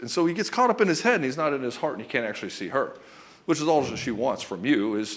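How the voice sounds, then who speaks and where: Male relationship coach, mid pitch, rapid and emphatic, blunt with frequent profanity. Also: expressive. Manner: acts out short quoted lines in other voices. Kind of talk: direct-to-camera coaching talk.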